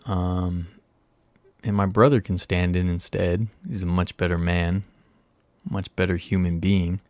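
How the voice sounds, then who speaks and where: Slow, low-voiced man hosting a livestream. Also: flat delivery, a little mellow, no echo. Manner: rambling, self-mocking, talks to viewers while searching. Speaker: livestream host. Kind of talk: casual livestream chat.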